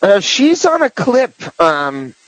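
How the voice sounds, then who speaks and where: A man's voice: high voice, huge pitch swings, takes it slowly, no echo, poor audio. A man hosting a podcast in casual political chat, rambling with many restarts and fillers. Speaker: podcast host.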